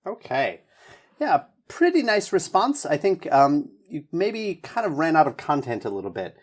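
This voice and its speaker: A man's voice: fairly high pitch, big pitch swings, normal speed. A man teaching English, giving spoken feedback on a student's answer in an encouraging, hedging way with many fillers.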